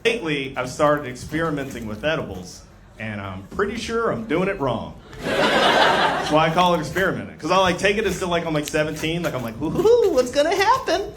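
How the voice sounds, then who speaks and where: A man's voice: a little high, big pitch swings, a little fast, heavy background noise. A man in his thirties doing stand-up in a laid-back, self-mocking way. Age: 30s. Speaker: stand-up comedian. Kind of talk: stand-up set.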